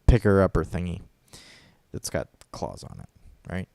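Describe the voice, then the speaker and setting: A man's voice: deep voice, sing-song, moderate pace, gravelly, a little mellow, no echo. A man telling a story in casual chat as a podcast co-host, rambling and profane, full of fillers and restarts.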